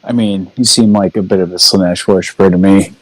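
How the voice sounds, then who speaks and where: A man speaking as a podcast guest, hesitant and halting with many fillers. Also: deep voice, steady tone, no room sound, low-quality recording. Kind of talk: casual chat.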